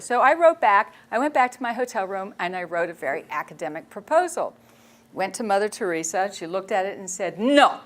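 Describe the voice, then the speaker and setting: Woman photojournalist doing a talk, chatty, laughs a lot, mid pitch. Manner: animated, chatty, laughs often. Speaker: speaker, photojournalist. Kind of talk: storytelling public talk.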